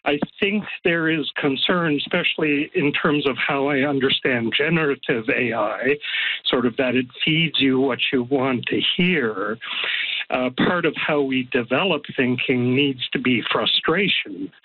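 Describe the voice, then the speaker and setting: A man's voice: medium pitch, measured pace, dry recording, narrow, tinny audio. A man phoning in to a radio talk show as a psychoanalyst, slightly out of breath, hesitant and thoughtful with many ums. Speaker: caller, psychoanalyst. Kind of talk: radio call-in.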